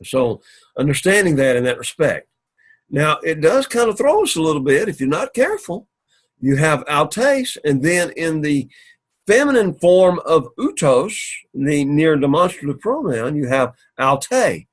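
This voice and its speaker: Husky-voiced man teaching a class. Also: on the high side, sing-song, measured pace. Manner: methodical, repetitive explaining. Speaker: Greek teacher. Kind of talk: classroom lecture.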